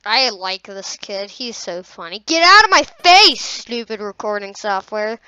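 A woman's voice: mid-range voice, sing-song, measured pace, bright, forceful tone, smooth, no room sound. A woman YouTuber giving goofy, playful reaction commentary, teasing and mock-challenging her viewers. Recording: dull lo-fi sound.

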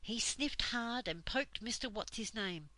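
An older woman reading a children's book aloud as a storyteller, gentle and unhurried. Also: fairly high pitch, lively intonation, dry recording, low-quality recording.

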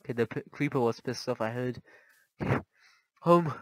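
A man's voice: medium pitch, steady tone, normal speed, no room sound, low-quality recording. Jumpy man narrating his gameplay. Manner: jumpy, easily startled, chatty. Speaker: gaming channel host. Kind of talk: casual gameplay commentary.

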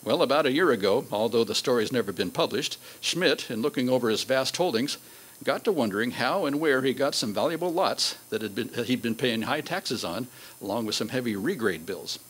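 A man giving a local history talk, reading old newspaper quotes aloud in a measured way with fillers. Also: mid-range voice, expressive, a bit bright, breathy edge, poor audio.

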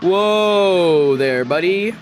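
A young man with a fairly high voice talks his way through a tough game, joking and complaining by turns. He shouts and cheers when fights turn, with game music playing faintly behind him. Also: drawn-out words. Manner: excitable, jokey, yells when losing. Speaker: gaming video host. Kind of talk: gameplay commentary.

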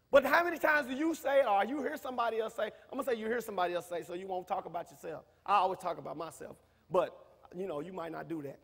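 A man, preaching a sermon in a church, who repeats himself and rises to shouts. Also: high voice, fast talker, vocal fry, husky. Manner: preaching, rising to shouts, talkative, repetitive. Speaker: minister. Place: church sanctuary. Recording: reverberant church hall.

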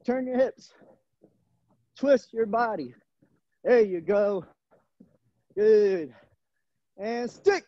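His voice sits high with a dark tone, captured dry with the highs cut off by a camera mic on a video call. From a gym, he runs a live online gymnastics class, urging the kids along by their nicknames.

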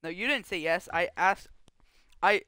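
A man's voice: high-pitched, unhurried, sharp tone, clean tone, no room sound. A man streaming a survival game, chatting and joking goofily with friends and chat. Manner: goofy, joking, bantering with chat. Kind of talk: casual gaming chat.

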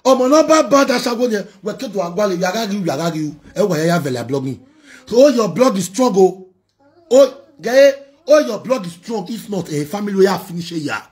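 A man's voice: sits high, animated, brisk. A man with a Nigerian accent, a blogger ranting heatedly, scolding and warning in a vlog.

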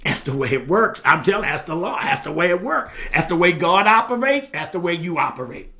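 Preaching man with a higher voice. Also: big pitch swings, fairly quick, hardly any pauses. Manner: swings between loud exclamations and soft asides, asks the congregation questions. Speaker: pastor. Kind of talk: sermon.

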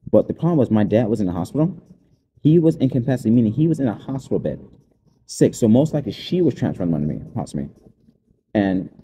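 Man, unscripted personal monologue: fast, rambling and aggrieved, with a deep, very warm and dark tone. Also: slight background noise. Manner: rambling and aggrieved, jumping between events.

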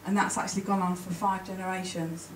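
A woman giving an emotional, chatty conference talk, with halting restarts. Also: fairly low pitch, flat delivery, background noise. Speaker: conference speaker. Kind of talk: presentation to an audience. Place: conference hall. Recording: roomy hall, mic from a distance. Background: faint room ambience.

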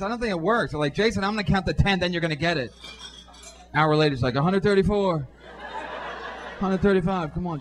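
An Irish-American man with a fairly high-pitched voice performs a profane stand-up routine at a comedy club. He tosses quick asides to the audience through a handheld mic.

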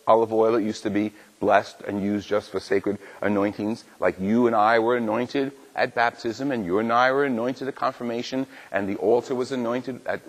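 An older man, a Catholic priest, preaching a Sunday homily in a church and telling a story with acted-out dialogue. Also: medium pitch. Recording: long church reverb.

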